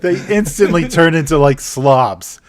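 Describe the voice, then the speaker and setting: A man's voice: a little high, measured pace, crowd noise. A man co-hosting a podcast, chatting casually with crude humor, laughing a lot and mimicking people in silly voices. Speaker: podcast co-host. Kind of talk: casual comedic chat.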